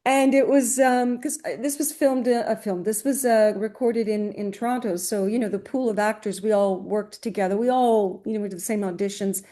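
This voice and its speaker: A woman's voice: mid-range voice, normal speed, hardly any pauses, dark tone. A middle-aged woman from Greece, a voice actress telling stories in a casual interview, chatty with many restarts and fillers. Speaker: guest, voice actress.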